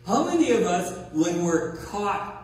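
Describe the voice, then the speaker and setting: A male pastor with a high, slightly mellow voice and big pitch swings preaches a little slowly in a conversational, emphatic sermon, stressing key words and checking in with listeners. The sound is echoey, picked up from afar in a large hall or sanctuary.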